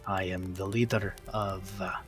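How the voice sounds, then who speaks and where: Brief: gruff, scarred warrior chief in his late forties, a man doing the voice, dropped low, faint music. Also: little pitch movement, a little slow, fairly bright tone. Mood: stern. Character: scarred battle-worn male leader, late forties.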